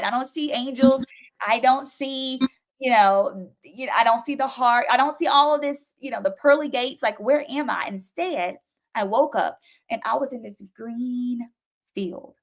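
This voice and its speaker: A woman's voice: a little high, fairly bright tone. A young adult woman giving an emotional personal testimony as a talk show guest, acting out frantic voices and pleas as she tells it. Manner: emotional, vivid storytelling with acted-out pleas. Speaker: guest telling her story.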